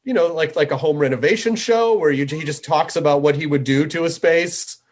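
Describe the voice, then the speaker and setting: Rambling male podcast host, higher voice. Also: brisk. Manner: rambling, full of fillers like "you know, like". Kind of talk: casual chat.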